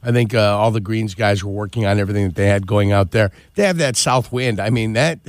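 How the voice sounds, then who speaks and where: A man's voice: on the low side, no echo. A man guesting on a radio show, telling long, wandering golf anecdotes in a casual chat from a studio microphone. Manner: rambling storyteller, drawn-out anecdotes.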